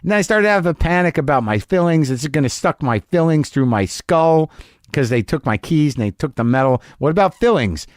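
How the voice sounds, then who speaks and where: A man's voice: a little high, lively intonation, brisk, no room sound, clean studio sound. A man hosting a podcast, telling a comic story in a rambling, anxious, self-deprecating way that bursts into rants. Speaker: podcast host. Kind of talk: comedic storytelling monologue.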